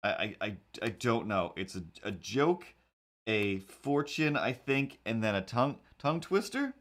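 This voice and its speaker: A man's voice: mid-range voice, animated, a little slow, a bit bright. A man chatting casually while he draws, rambling in a wry, incredulous way. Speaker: cartoonist streamer. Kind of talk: casual chat while drawing.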